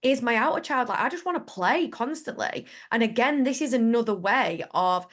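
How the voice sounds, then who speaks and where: A woman's voice: fairly high pitch, lively intonation, moderate pace, a bit bright. A woman podcast host in casual chat, talking playfully and chattily with many "like" fillers.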